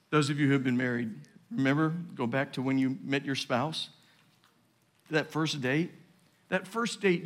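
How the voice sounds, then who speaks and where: A man preaching a sermon as pastor, with call-and-response asides to the congregation, rising at times to shouting. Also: mid-range voice.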